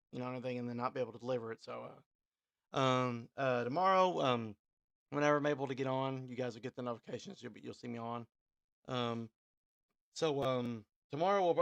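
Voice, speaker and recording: A man's voice: mid-range voice, a bit bright, no echo, dull audio. A man from Kentucky, hosting an online radio show and signing off in a rambling, casual way. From Kentucky, USA. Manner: rambling, full of ums and restarts. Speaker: radio host and DJ. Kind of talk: casual live-stream sign-off.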